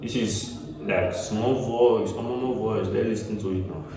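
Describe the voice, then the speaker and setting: A Nigerian man with a fairly low, darkish voice and mostly even intonation takes a measured pace through an informal tutorial on recording music. He chats, says things more than once, and mixes in Pidgin asides such as "get me?". The recording comes from a small echoey room, with him distant from the mic.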